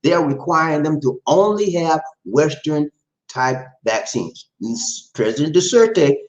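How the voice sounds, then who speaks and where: Lively rambling male stream host. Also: fairly high pitch, unhurried, highs cut off. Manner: rambling, emphatic, repeats phrases, addresses viewers as "man". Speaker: livestream host reading viewer comments. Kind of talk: casual live-stream commentary on news. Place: lives in the Philippines. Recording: echoey room.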